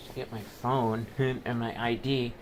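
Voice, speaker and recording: A young adult man vlogs in a loose, meandering way, backtracking and restating his points. His voice sits at an ordinary middle pitch, with a faint hiss of noise underneath. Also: little pitch movement, measured pace. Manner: rambling, repeats and corrects himself. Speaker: vlogger. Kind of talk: casual rambling monologue. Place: college campus, indoors.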